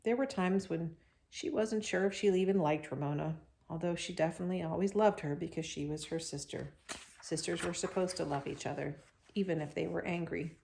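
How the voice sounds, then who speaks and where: A woman reading a chapter book aloud to children, expressive and animated in her phrasing. She sometimes breaks off for chatty asides to her young listeners. Her voice sits a little low. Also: brisk, creaky, a little hiss or hum.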